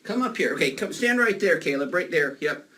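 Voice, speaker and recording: A man performing a children's magic show, playful and animated as he talks to the kids. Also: fairly high pitch, brisk. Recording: distant mic, faint noise.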